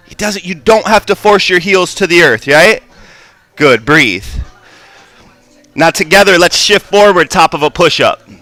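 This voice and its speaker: A man leading a live yoga class in a studio, calmly cueing poses and breathing with frequent "right?" and "good". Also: high-pitched, dry recording. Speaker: yoga instructor.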